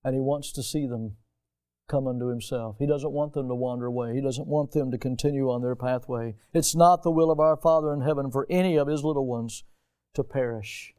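A middle-aged American man preaching a sermon as pastor, swinging from soft low passages to loud raised emphasis. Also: brisk, clear, resonant tone. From United States.

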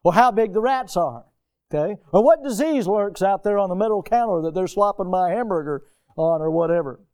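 Middle-aged American male pastor, sermon delivery, mellow and resonant, rises loud for emphasis then drops low. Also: animated, fairly quick, clean tone. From United States. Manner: preachy, swings from soft and low to loud and high for emphasis.

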